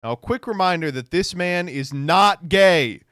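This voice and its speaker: A man streaming and reacting to posts, laughing a lot and swearing freely. His voice swings widely in pitch. The recording is dry and close, with no room echo. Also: unhurried, clean tone. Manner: animated, laughs often, swears.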